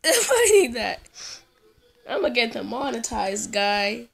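A woman giving casual, excitable gameplay commentary, giggling often as she talks. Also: on the high side, slow pace, gravelly, breathy edge, faint music behind. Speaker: gaming YouTuber.

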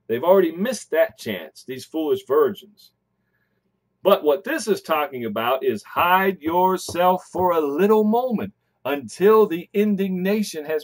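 Animated man teaching the Bible. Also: sits high. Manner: emphatic and animated, with frequent "all right". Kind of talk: recorded Bible lesson.

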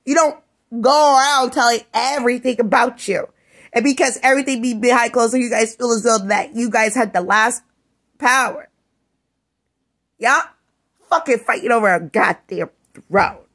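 A woman's voice: fairly high pitch, moderate pace, long pauses, a bit bright. A tired woman vlogging in a profane, scornful rant, breaking into laughs between jabs. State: tired, up all night. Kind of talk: profane ranting monologue.

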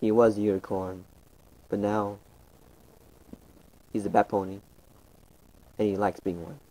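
A man's voice: lowish voice, level tone, a little slow, dark tone, a little hiss or hum, poor audio. A man giving casual, rambling commentary over his gameplay, often stopping and restarting his sentences. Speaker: gaming channel host.

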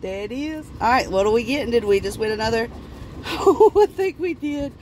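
A woman, excitedly vlogging to her viewers and squealing over her wins. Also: fairly high pitch, moderate pace, a little hiss or hum. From Florida. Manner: squealing, bubbly, talks to viewers as y'all. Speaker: lottery vlogger. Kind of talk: excited casual vlog.

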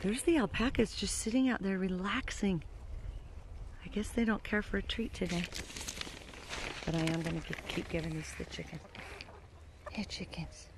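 A woman's voice: mid-range voice, normal speed, long pauses, background noise. A woman chatting casually on an outdoor farm tour, talking fondly to her animals in baby talk. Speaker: farm vlogger.

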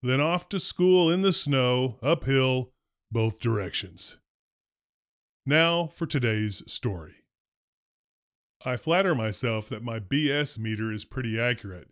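A man's voice: mid-range voice, unhurried, dry recording. Dry, wry man telling school stories. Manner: dry, wry humor, deadpan delivery. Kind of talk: first-person storytelling narration.

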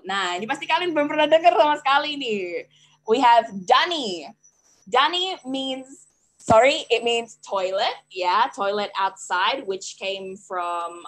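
A woman's voice: fairly high pitch, fairly bright tone, rough recording. Chatty woman teaching a webinar. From Australia. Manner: chatty and teacherly, often laughing lightly and checking in with listeners; switches languages mid-sentence. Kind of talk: casual webinar lecture.

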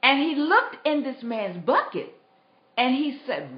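A woman's voice: high voice, sing-song, a little slow. A woman giving an inspirational talk, repeating her exhortations emphatically and telling stories. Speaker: inspirational speaker. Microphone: tablet. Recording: roomy, dull lo-fi livestream.

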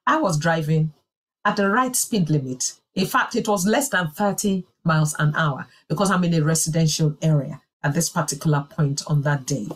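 Woman at church sharing a testimony, kinda low husky voice, earnest and emphatic. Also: normal speed. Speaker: church speaker. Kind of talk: sermon testimony.

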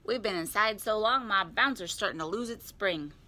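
A woman reading aloud and voicing a boisterous, bouncy male tiger in a storybook, loud and playful. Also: medium pitch, moderate pace, a little hiss or hum, close to an everyday voice. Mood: excited.

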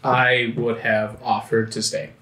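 A man playing his character in a tabletop game, measured and solemn. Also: medium pitch, level tone, sharp tone, roomy sound, low-quality recording. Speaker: player. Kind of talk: in-character tabletop role-play.

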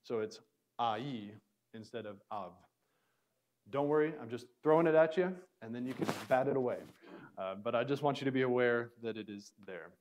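A man's voice: mid-range voice, a little fast, a little mellow. A man teaching a church Greek class, explaining in a loose, casual way with frequent "um"s and restarts. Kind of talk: classroom lecture.

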